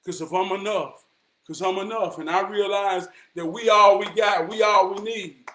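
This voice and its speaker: High-pitched male vlogger, emphatic street-talk motivator who drops from shouting to near-whisper. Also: fairly even intonation, moderate pace, slight background noise. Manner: emphatic and preachy, swinging from shouts to hushed tones; repeats lines for emphasis, street slang.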